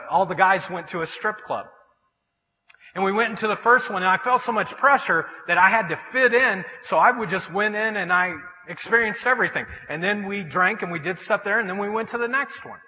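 A man's voice: high-pitched, sharp tone, long reverb tail, rough recording. A man preaching a sermon as pastor in a church, telling stories with animation and acting out the voices of the people he quotes. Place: church sanctuary.

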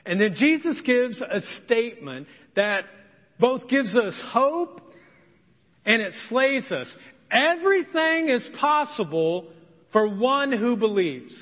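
Male pastor, high and animated, preaching with dramatic acted-out voices, dull sound with long church reverb. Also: slow. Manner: dramatic, acts out voices of the people he preaches about. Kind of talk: sermon. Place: church sanctuary.

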